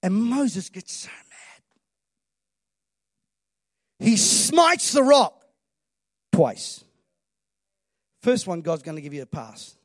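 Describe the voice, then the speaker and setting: A man's voice: sits high, sing-song, takes it slowly, pauses often, no room sound, clean studio sound. A man preaching a sermon, emphatic and calling on the congregation to respond. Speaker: pastor.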